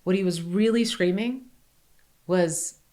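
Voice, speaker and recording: Earnest, emphatic woman talking. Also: normal speed. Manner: earnest and emphatic, rising in pitch when making a point. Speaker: podcast co-host. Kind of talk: casual podcast conversation.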